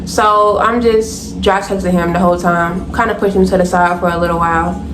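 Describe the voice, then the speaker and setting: A young woman telling a storytime vlog to her viewers, animated, blunt and profane, often calling them y'all. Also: on the low side, fairly quick, roomy sound, background noise. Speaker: storytime vlogger. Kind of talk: casual storytime to camera.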